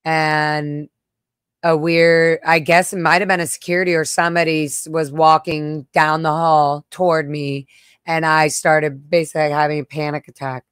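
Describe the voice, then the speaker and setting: A woman with a fairly low voice hosts her own livestream, speaking candidly and with raw emotion. She curses bluntly and reacts sharply as she reads messages aloud. The sound is dry and close to the mic, with no room echo. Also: flat delivery, moderate pace, a bit bright, clean tone. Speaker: livestream host. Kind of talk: candid personal livestream talk.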